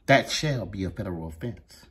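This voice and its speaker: Deep, raspy, slow-ranting man. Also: lively intonation. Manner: ranting, emphatic, indignant. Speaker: channel host narrating. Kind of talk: angry commentary.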